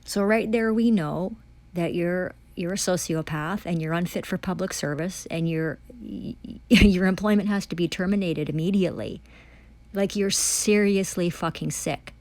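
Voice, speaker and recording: A woman with a lowish, slightly mellow voice speaks at an unhurried pace. Describing herself as a foreign diplomat giving testimony, she rants angrily, hurling furious, profane accusations while repeating herself and restarting phrases.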